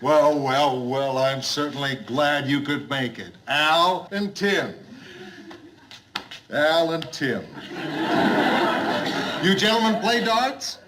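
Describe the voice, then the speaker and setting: An actor playing a gruff middle-aged bar owner who forces himself to be hearty and jovial, repeating his greetings in a 1970s studio sitcom. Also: on the high side, slow pace, pauses often. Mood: forced cheer. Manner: overly hearty, repetitive greetings. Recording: hissy old TV soundtrack.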